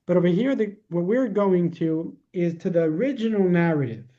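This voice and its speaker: A man's voice: high voice, lively intonation, normal speed, mellow, muffled recording. A man teaching a class, patiently explaining ideas and answering questions step by step.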